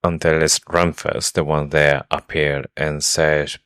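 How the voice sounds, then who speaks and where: Man, extremely deep voice, dry recording, casual book podcast, hesitant retelling. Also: little pitch movement, unhurried, a bit bright, smooth, no echo. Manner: retells the plot with hesitations and fillers. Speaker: podcast co-host.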